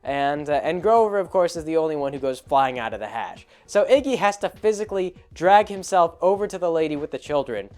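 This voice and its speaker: A man's voice: fairly high pitch, expressive, fairly quick, few pauses, a little mellow. A man hosting a show, rambling through an anecdote about a tabletop game and repeating words as he goes. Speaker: host.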